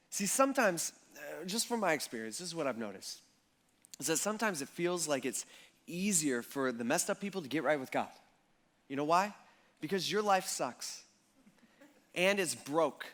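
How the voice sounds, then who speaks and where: High-voiced man preaching conversationally. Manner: conversational, often checks in with the listeners; animated, acts out the people in the story. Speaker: pastor. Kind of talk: sermon.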